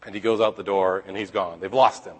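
A man's voice: low voice, fairly even intonation, a little fast, husky, big-room sound. A man giving a casual Bible lesson, retelling and reading scripture in a conversational way, often checking in with "okay?" and adding wry asides. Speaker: Bible teacher.

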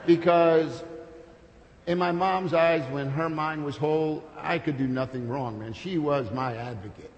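A man preaching a sermon with passion, building to loud peaks and then dropping to soft, intimate storytelling. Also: on the high side, unhurried, a little hiss or hum. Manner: impassioned, builds to shouts, then drops soft. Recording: long hall reverb.

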